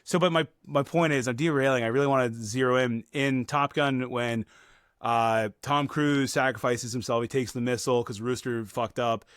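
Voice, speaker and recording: A man's voice: mid-range voice, fairly even intonation, moderate pace, smooth, no echo, studio quality. A man co-hosting a film podcast, chatting casually and rambling, swearing freely and acting out movie lines as he goes. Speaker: podcast co-host. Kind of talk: casual film review chat.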